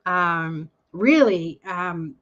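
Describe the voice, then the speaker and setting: Woman, tarot host, slow unhurried talk, enthusiastic, muffled stream audio. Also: fairly low pitch, expressive, fairly bright tone. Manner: enthusiastic, reads cards aloud slowly. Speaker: tarot reader hosting a live stream. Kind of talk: casual live chat. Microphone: online call audio.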